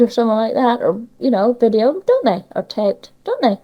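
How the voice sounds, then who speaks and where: A woman's voice: fairly high pitch, sing-song, brisk, few pauses, mellow, muffled recording. An older woman with a Cornish accent, chatting in an interview and giving emphatic opinions. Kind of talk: casual conversation.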